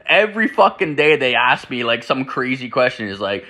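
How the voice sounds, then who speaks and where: A man ranting through a crude story in a loose, rambling way, with "like" in nearly every sentence and constant swearing. His voice is bright and forceful, at a middle pitch for a man. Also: moderate pace. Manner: rambling, profane, full of "like" fillers; animated, jumps into acted-out quotes. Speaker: podcast host.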